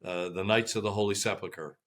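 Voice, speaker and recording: An older man, a guest surgeon on a podcast, speaking in a halting way with many pauses. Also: deep voice, fairly even intonation, background noise. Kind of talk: casual podcast interview.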